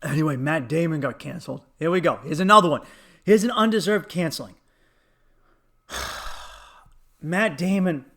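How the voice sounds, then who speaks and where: A man's voice: a little high, moderate pace, long pauses, fairly bright tone. A man hosting a solo comedy podcast, ranting with lots of swearing and laughing at his own jokes, sniffly from allergies.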